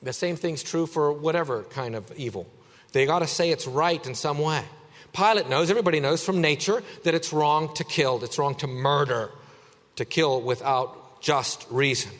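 A man preaching a sermon as pastor, emphatic, swinging between a raised voice and a hushed one. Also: on the high side, normal speed, big-room sound.

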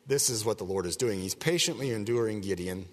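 A man's voice: on the low side, brisk, long reverb tail. A man giving a verse-by-verse Bible teaching, talking conversationally and digressively, often checking in with the listeners with rhetorical asides.

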